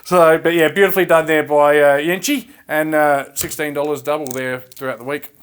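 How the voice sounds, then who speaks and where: An Australian man co-hosting a racing show, jokey and quick to laugh. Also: on the high side, steady tone, clear, resonant tone. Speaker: racing co-host and tipster. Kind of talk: casual racing chat.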